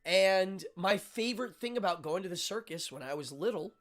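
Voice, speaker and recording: A man's voice: high-pitched, animated, moderate pace, fairly bright tone. A man hosting a live-stream show, talking casually and rambling with frequent fillers and restarts.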